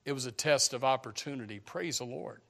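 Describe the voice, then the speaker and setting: A man preaching a sermon with emphatic repetition, swinging from hushed to loud. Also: mid-range voice, fairly quick, vocal fry.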